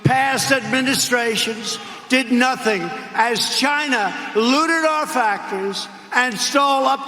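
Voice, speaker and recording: Older male politician, rally speech, rambling and repetitive; high, forceful voice in a reverberant arena. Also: measured pace. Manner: rambling, repetitive, mocking asides. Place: large arena or hall. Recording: echoey arena rally clip with faint noise.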